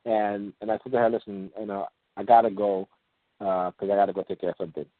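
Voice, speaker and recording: A man with a fairly low voice talks over a tinny, dry phone line, rambling and restarting as he explains, with plenty of fillers. When he reads example passages aloud, he slows into a measured delivery. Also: little pitch movement, no room sound. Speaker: call-in show host. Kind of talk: casual talk on a phone call-in show.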